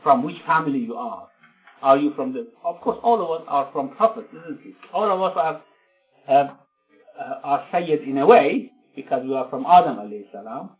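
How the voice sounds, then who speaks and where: A man delivers an earnest sermon in a somewhat high voice, reading out scripture and then unpacking it with pauses and fillers. The sound is thin and tinny, like a phone line, with soft music underneath. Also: animated. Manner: earnest, recites verses then explains them with frequent pauses. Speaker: religious lecturer.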